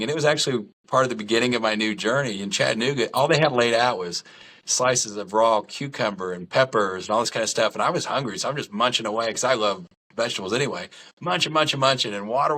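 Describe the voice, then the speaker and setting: A middle-aged man, a podcast guest, telling stories in a casual chat, lively, candid and self-deprecating. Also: mid-range voice.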